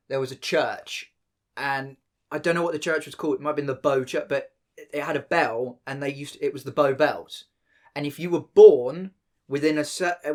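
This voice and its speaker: A man co-hosting a casual podcast, rambling with many fillers and swearing often. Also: a little high. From England. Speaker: podcast co-host. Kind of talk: casual banter with friends.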